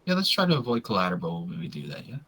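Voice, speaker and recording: A man playing a tabletop game who speaks in a measured way as his character. His low voice has a bright edge and is a bit husky. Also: big pitch swings, poor audio. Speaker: player.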